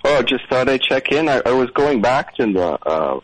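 A man playing a meek, rambling caller phoning in to a radio show, halting and apologetic, with a dry mouth. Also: medium pitch, very animated, no echo, low-quality recording. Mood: hesitant.

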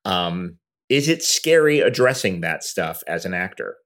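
Male interviewer, deep voice, measured and conversational. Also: very animated, fairly bright tone. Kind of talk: casual interview questions.

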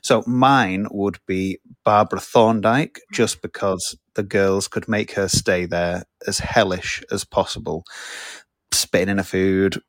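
A man from England with a Manchester accent, sending a voice message to a show, sounding groggy after just waking up, with dry deadpan humor. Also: low voice, unhurried, dry recording. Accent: Manchester English. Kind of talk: recorded voice message.

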